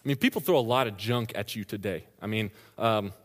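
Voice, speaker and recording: A man preaching a sermon, telling a story with lively energy and laughing as he goes. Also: lowish voice, a little fast. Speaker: pastor. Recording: long reverb of a large hall.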